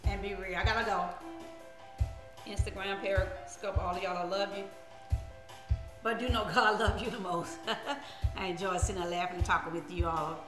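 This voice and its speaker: A woman's voice: mid-range voice, fairly even intonation, moderate pace, pauses often. A woman minister hosting a casual live stream, laughing often, repeating her words and dropping preachy asides. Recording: echoey room with music behind.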